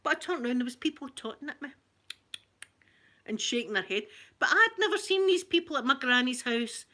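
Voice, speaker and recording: A Scottish woman tells a story in a casual, animated way, laughing easily. Her voice sits a touch high with a bright, sharp edge. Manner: animated, chatty, quick to laugh. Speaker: ASMR channel host.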